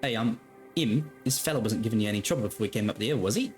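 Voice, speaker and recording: A man's voice: lowish voice, racing, darkish tone, faint music behind, natural voice. Man playing a mocking tough cop boss. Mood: mocking menace. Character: tough male cop leader, menacing.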